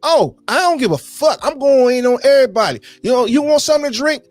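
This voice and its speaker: High-voiced dude ranting and cussing on a podcast, dry close mic, faint music under it. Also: male voice, animated, fast talker, no room sound. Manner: loud, profane rants that build to shouting. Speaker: podcast co-host. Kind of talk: heated casual debate.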